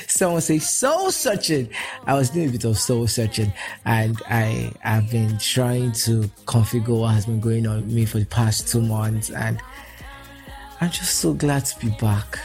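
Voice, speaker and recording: A man's voice: mid-range voice, a little mellow. A man hosting his solo podcast, chatting casually and emotionally, rambling and restarting his sentences. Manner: emotional, rambling, self-interrupting. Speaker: podcast host.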